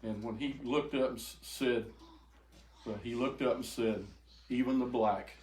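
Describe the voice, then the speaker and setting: An older man telling an emotional personal testimony to a group, halting and repeating words as he goes. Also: medium pitch, steady tone. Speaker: speaker giving a testimony. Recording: echoey room, faint noise.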